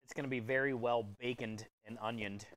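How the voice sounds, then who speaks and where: Laid-back male chef-streamer, smooth clear voice, dry close sound, joking with chat. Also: medium pitch, steady tone, a little fast, a bit bright, dry recording. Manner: easygoing, joking with chat, chuckles often. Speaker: food truck chef and livestreamer. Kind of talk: casual livestream cooking chat.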